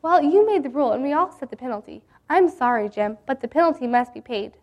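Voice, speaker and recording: A woman voicing a gentle but firm male schoolteacher in a read-aloud story. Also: high-pitched, animated, fast talker, muffled recording.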